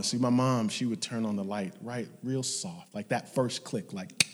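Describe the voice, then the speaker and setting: Preacher with big dynamic swings, echoing hall. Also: male voice, mid-range voice, moderate pace. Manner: dynamic, swings from hushed whispers to loud shouts; storytelling, acts out family members in his anecdotes. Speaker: pastor. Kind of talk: sermon. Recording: long hall reverb.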